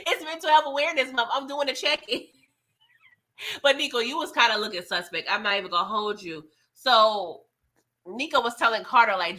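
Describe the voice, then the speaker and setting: A woman's voice: fairly high pitch, lively intonation, moderate pace, bright, forceful tone. A woman hosting a casual live show recap, chatty and laughing often, retelling scenes in quoted voices. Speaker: TV recap host.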